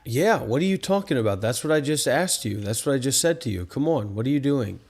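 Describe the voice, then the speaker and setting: A man's voice: mid-range voice, animated, brisk, creaky, darkish tone. A man hosting a meditation livestream who talks in a rambling, exasperated way and keeps asking rhetorical questions. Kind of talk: casual livestream talk.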